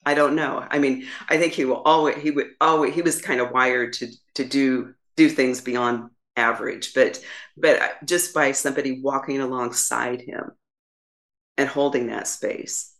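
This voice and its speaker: A woman's voice: very deep voice, fairly even intonation, normal speed, a bit bright. A woman guest on a podcast, talking reflectively with many restarts and repeated phrases. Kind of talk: casual interview talk.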